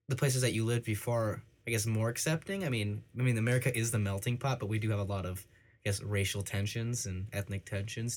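A young man interviewing casually, rephrasing his questions often and halting as he asks them. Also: on the low side, slight background noise.

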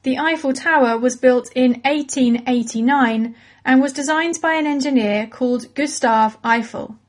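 A woman explains things to young listeners in a clear, encouraging teacher's manner. Her voice sits a little higher than most. She reads a script at an even, unhurried pace. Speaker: presenter of a children's educational podcast. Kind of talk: scripted educational narration for children.

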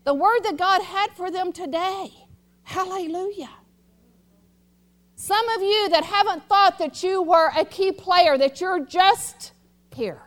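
High-voiced woman preaching emphatically. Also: animated, a little slow. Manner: emphatic, rising to loud exhortation. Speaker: pastor. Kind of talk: sermon. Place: church sanctuary.

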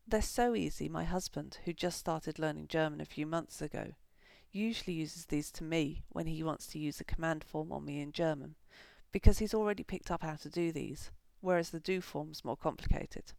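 A woman hosting a podcast, giving a scripted, measured German grammar lesson. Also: deep voice, darkish tone, no room sound. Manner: measured, clear explanatory delivery.

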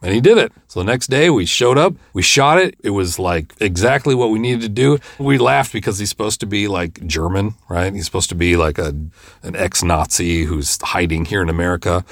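Deep-voiced man telling a rambling story. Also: fairly quick, no room sound, studio quality. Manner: rambling, exasperated, lots of fillers. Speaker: podcast host and filmmaker. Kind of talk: casual storytelling monologue.

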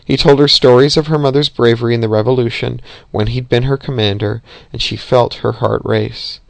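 A man reading a novel aloud as narrator, steady and even, with occasional slips. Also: medium pitch, fairly quick, creaky, no echo.

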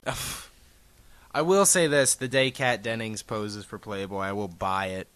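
A man's voice: on the low side, fairly even intonation, a little slow, fairly bright tone. A man co-hosting a podcast, talking casually with blunt, crude, wry humor. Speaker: podcast co-host.

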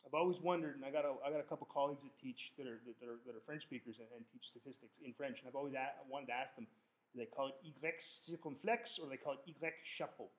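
A man's voice: mid-range voice, fast. A man lecturing a statistics class in an informal, joking way, often restarting and correcting himself. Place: lecture hall. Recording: echoey lecture hall.

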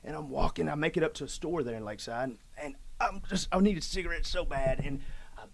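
A man telling a personal story in casual, rough-spoken talk, often saying "man" and "dude". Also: a little high, fast, a crowd in the background. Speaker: guest telling his story.

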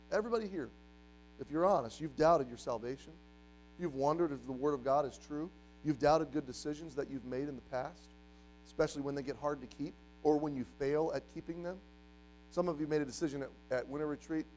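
Storytelling preacher man, swings hushed to loud. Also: fairly high pitch, a little fast, faint music behind, low-quality recording. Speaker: pastor. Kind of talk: sermon. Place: church.

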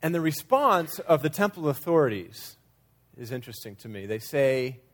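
A man's voice: medium pitch, very animated, moderate pace. A man preaching a sermon in a conversational way, sometimes acting out quoted lines with changing emphasis. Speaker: pastor.

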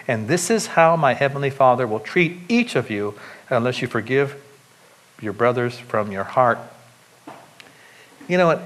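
A man preaching a sermon to a congregation, reading scripture and breaking into animated, joking asides with frequent restarts. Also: medium pitch. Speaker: pastor.

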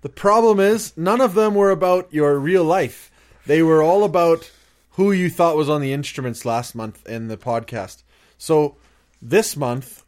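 Brief: man co-host, highish voice, chatty and upbeat banter. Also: darkish tone. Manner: laughs often, plugs and announcements. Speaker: podcast co-host. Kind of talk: casual banter.

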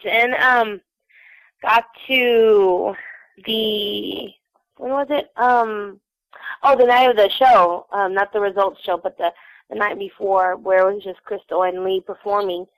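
A woman's voice: medium pitch, no echo, low-quality recording. A young woman from Houston telling a bubbly, giggly fan story, full of fillers. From Houston, Texas. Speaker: fan recounting a trip. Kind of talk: casual chat.

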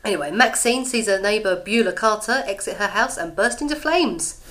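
A woman's voice: mid-range voice, a little fast, sharp tone. An English woman co-hosting a podcast, recapping a TV episode in casual chat and laughing often. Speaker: podcast co-host.

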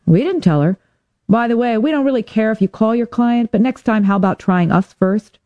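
A quick, wisecracking female detective, as a woman reader puts her on in an audiobook, her voice lifted a little higher than the narration. She sounds brisk and no-nonsense. The recording is dry and dull, like lo-fi. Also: expressive, no echo, natural voice. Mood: teasing.

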